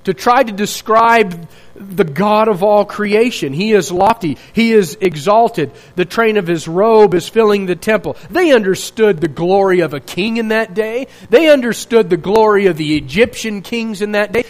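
A man's voice: high-pitched, normal speed, rough recording. A male pastor preaching a sermon in an earnest, searching way, asking rhetorical questions and restarting his phrases.

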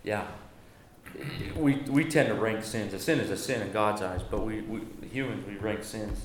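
A man's voice: on the low side, moderate pace. A man teaching a church Bible class in a conversational, joking way, often correcting himself. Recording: echoey room, faint noise.

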